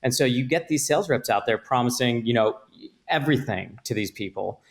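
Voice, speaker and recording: Man explaining legal matters calmly. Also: medium pitch. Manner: measured, explains with hypothetical examples. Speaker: attorney guest. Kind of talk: podcast interview.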